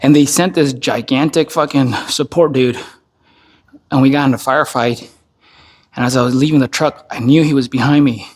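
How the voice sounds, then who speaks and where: A man's voice: medium pitch, fairly even intonation, moderate pace. A man who is an army veteran, tired and worn down, speaking in a blunt and heavily profane casual monologue. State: tired, worn down by recent illness.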